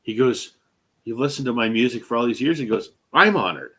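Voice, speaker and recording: A man hosting a casual chat, retelling a story in an animated way and acting out what people said. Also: mid-range voice, a little fast, slightly rough. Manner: animated retelling, acts out quoted speech; fillers and restarts. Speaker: host.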